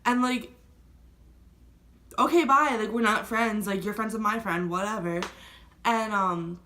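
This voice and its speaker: Slight background noise sits under a young adult woman vlogger with a bright, forceful, mid-range voice and a measured pace. She rambles casually through a story, saying "like" in nearly every phrase.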